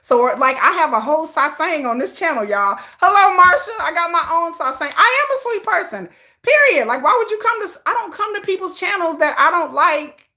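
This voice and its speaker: A woman's voice: very high-pitched, fairly quick. A woman hosting a casual K-pop livestream, reading viewer comments in a sassy, slangy manner and laughing often. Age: adult, old enough to have a teenage child. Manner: sassy and animated, with slangy put-downs and frequent laughter.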